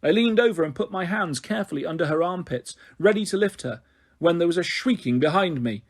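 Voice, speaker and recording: High, lively, husky man reading a story. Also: brisk. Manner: expressive storytelling. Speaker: story reader. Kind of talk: reading a children's novel aloud.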